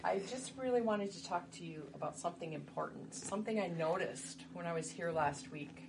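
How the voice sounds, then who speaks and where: A woman role-playing a caring daughter in her mid-forties, speaking gently and coaxingly. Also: on the low side, expressive, brisk, vocal fry. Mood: gentle. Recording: distant mic, noisy room.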